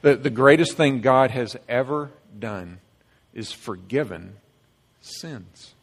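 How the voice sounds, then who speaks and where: A man preaching a sermon in a long, ringing hall reverb, his voice at an ordinary middle pitch. He delivers it earnestly, pushing some lines loud and letting others fall soft and low. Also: lively intonation, slow, vocal fry. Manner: earnest, emphatic preaching with swings between loud and hushed. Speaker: pastor.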